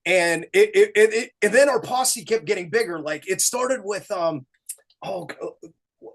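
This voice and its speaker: A man's voice: high-pitched, unhurried, fairly bright tone. A man, a guest musician, telling road stories in casual chat, acting out quotes and laughing often.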